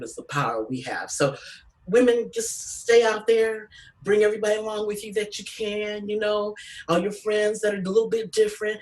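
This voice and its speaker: A woman comedian doing an animated stand-up storytelling set, salty and quick to act out other people's voices. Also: medium pitch, distant mic, rough recording. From San Francisco Bay Area.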